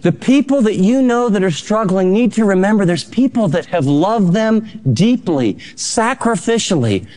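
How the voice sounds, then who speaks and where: Pastor, male, high voice, fervent sermon delivery, exhorting. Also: lively intonation, normal speed, few pauses. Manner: fervent, exhorting, swings between soft and loud.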